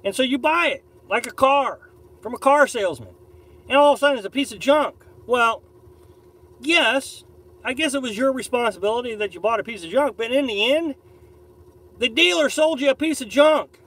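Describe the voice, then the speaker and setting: High lively-voiced man chatting on a live stream. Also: moderate pace, rough recording. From Missouri, USA. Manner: rambling, repeats and restarts, opinionated. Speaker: live-stream host reading viewer chat. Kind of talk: casual live-stream chat. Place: camper on a beach campsite.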